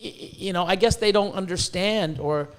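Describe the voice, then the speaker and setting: A high-voiced man hosts a casual podcast, bursting with excitement and peppering his talk with swearing. He grew up in Canada, and he often repeats words as his thoughts run ahead of him. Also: normal speed, smooth. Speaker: podcast host.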